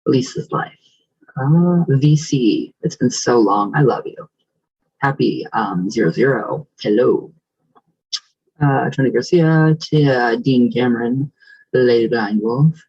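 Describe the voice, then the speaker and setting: A man hosts a chatty vlog, greeting his viewers one by one in a husky, mid-pitched voice. He rambles through fillers and restarts and sometimes rolls his R's. The recording sounds dull and lo-fi. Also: takes it slowly, darkish tone. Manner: rambling and affectionate, many fillers. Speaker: vlogger reading viewer comments. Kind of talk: casual chat.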